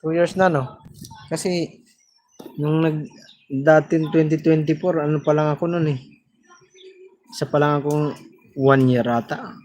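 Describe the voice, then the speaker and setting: A man's voice: on the high side, fairly even intonation, normal speed, pauses often, a little mellow, slight background noise. A man with a Filipino accent vlogging in a joking, playful way, switching between his own language and broken English. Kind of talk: casual chat to camera.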